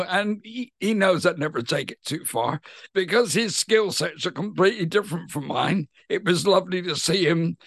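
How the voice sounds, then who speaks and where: A man's voice: fairly high pitch, vocal fry, husky, dry recording, clean studio sound. A middle-aged man with a West Country English accent, a pantomime actor chatting enthusiastically in an interview. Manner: chatty and enthusiastic, animated storytelling. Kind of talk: casual interview chat.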